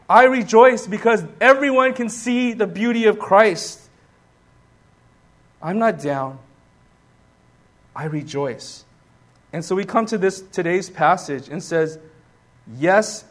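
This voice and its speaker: A man preaching a sermon as pastor, emphatic and repetitive, calling on the congregation to answer back. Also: high voice. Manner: emphatic, repeats key words, rising to loud bursts.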